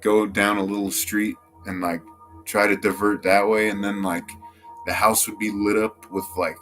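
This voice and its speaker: A young man with a fairly low voice tells a rambling personal story. He fills nearly every phrase with "like" and drops casual swear words into quoted outbursts. Quiet music plays faintly behind him. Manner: rambling, heavy use of filler "like".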